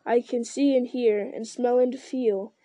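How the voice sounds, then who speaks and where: A woman reading aloud and voicing an ancient, slow-spoken male tree giant who muses with hums and never hurries. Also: fairly high pitch, fairly even intonation, dark tone, no room sound. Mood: musing. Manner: slow, deliberate, musing with hums. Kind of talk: reading a fantasy novel aloud.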